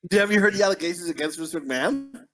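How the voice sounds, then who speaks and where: A man's voice: high voice, fast talker, a bit bright, soft background music. A man co-hosting a podcast, rambling through crude jokes with frequent restarts. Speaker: podcast co-host. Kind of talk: casual chat.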